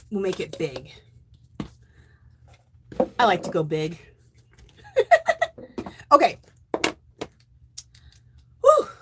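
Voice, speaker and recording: A woman's voice: fairly low pitch, wildly swooping pitch, extremely slow, pauses often, background noise. A middle-aged woman hosting a casual craft livestream from home, bubbly, laughing often and thanking viewers by name. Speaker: livestream host of a knitting and crochet show.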